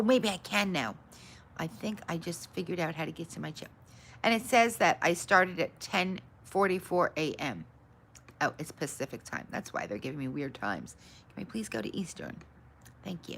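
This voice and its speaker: A woman hosting her own livestream, grumbling about her tech troubles and brightly greeting her viewers. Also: low-pitched, a little hiss or hum. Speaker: livestream host. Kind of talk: casual livestream chat.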